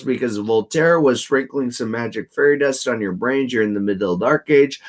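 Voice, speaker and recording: A man giving rambling solo commentary while reading aloud, meandering and restarting often, swinging between louder bursts and low mumbles. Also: expressive, moderate pace, few pauses. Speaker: channel host.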